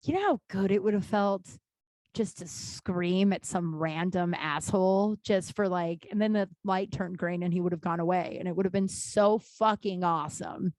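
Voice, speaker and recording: A woman's voice: fairly low pitch, normal speed, no echo. Candid, profane woman podcaster in a dry room. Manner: candid and profane, rambling with restarts, swinging into animated outbursts. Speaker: podcast host. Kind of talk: casual solo podcast monologue.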